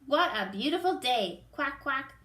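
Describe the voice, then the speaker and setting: A woman voicing a loud, chatty female duck in a storybook reading, shouting and quacking. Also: high voice, takes it slowly, roomy sound, voice pushed up, exaggerated voice. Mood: loud cheerful.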